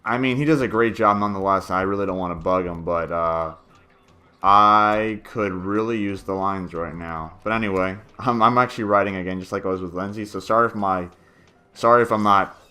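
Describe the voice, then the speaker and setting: Male gameplay commentator, bright and punchy delivery, rambling and casual with swearing. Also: low-pitched, fast talker. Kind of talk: casual game walkthrough commentary.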